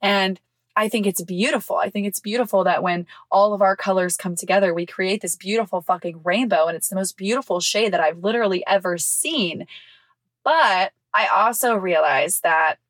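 A woman hosting a podcast, telling a personal story in casual chat, frank and expressive, swearing freely and laughing often. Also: medium pitch, normal speed, no echo. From California. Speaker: podcast host. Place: visiting family in the South.

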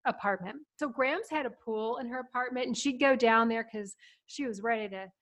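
A middle-aged woman from Ohio hosting, telling family stories in a chatty, animated way with frequent laughter. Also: a little high, fairly quick. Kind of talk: casual storytelling.

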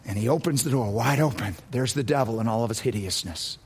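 A man preaching a sermon as pastor, telling a story dramatically and dropping to low, quiet tones for effect. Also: fairly quick, breathy edge.

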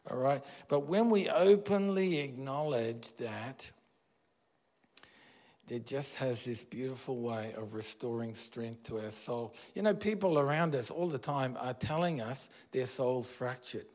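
A man's voice: mid-range voice, a little slow, a little mellow. A man preaching a sermon as pastor, earnest and conversational, asking his listeners questions.

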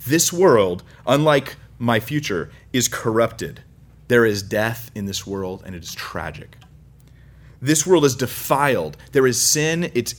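A man from California preaching a sermon at a mid-range pitch. He drives his points home with sudden loud, high stresses, then drops to quiet, low lines. He slips in self-mocking humor and chuckles. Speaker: pastor.

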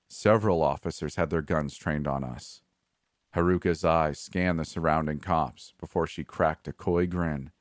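Man, deep voice, dry close sound, steady first-person story narration. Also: dry recording.

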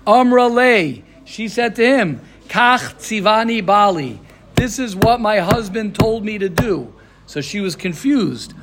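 A man teaches a casual Torah lesson in a high-pitched voice. He acts out the quotes and drops Hebrew and Yiddish terms as he goes. A faint hiss runs underneath. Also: expressive, unhurried, a bit bright. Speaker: rabbi teaching a class.

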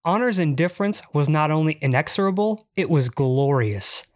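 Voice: mid-range voice, lively intonation, normal speed, no echo. A narrator reading a first-person memoir in a dry, wry storytelling manner.

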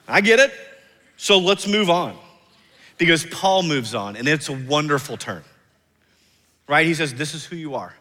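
A man in his thirties preaching a sermon as pastor, emphatic, slowing down and dropping soft on key phrases. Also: fairly high pitch. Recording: long reverb of a large hall.

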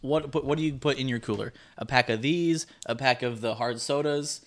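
A man's voice: mid-range voice, moderate pace. A young man co-hosting a podcast in casual chat, often stammering and restarting his sentences. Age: young adult. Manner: stammering, restarts mid-thought. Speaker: podcast co-host. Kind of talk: casual chat reviewing drinks.

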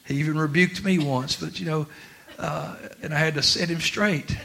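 A preacher man with a drawl and a bright, forceful voice set a little high. He moves from low, confiding talk to loud, laughing shouts. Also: steady tone, moderate pace, creaky. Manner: swings from quiet to shouting, laughing through lines. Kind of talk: sermon.

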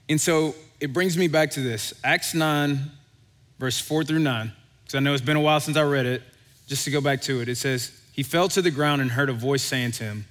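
A long reverb tail follows the pastor through the hall as he preaches in a fairly bright, ordinary middle-pitched voice. His easygoing, conversational delivery livens up when he tells a story and acts out the voices in it.

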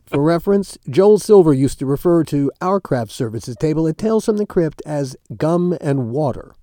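A man reads scripted narration in a measured, even delivery. His voice is mellow and slightly high, recorded dry with no room sound. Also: no echo. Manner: measured, read-aloud delivery.

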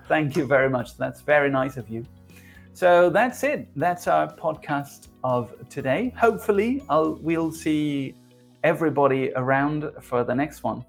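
A man with a Spanish accent hosting a podcast English lesson, explaining writing tips in a clear, teacherly way. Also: on the high side, animated, a little slow, soft background music.

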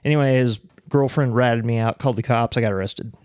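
A man's voice: medium pitch, fairly quick, darkish tone, clean tone, no echo, studio quality. A man co-hosting a casual chat over beers, rambling and laughing at himself as he acts out angry voices in his stories. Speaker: podcast co-host.

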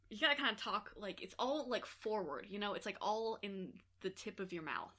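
A woman's voice: medium pitch, lively intonation, moderate pace, few pauses, sharp tone. A woman co-hosting a podcast in a casual chat, telling stories in a jokey way and giggling often. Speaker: podcast co-host.

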